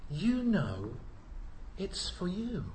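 Lively, high-voiced male preacher. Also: extremely slow, reverberant, slight background noise, rough recording. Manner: rhetorical questions, swings between loud emphasis and hushed asides. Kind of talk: sermon. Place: church.

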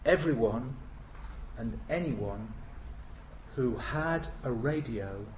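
Slow, solemn British preacher. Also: male voice, mid-range voice, animated, a little hiss or hum. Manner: solemn, emphatic, deliberate. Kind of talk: sermon. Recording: roomy church hall.

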